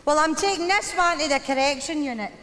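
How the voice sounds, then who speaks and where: A woman's voice: high-pitched, a little fast. An actress with a Glaswegian Scottish accent playing a chatty, wry, weary Glasgow mother in a live stage sitcom. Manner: chatty, wry, dry humour. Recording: reverberant live stage with loud audience noise.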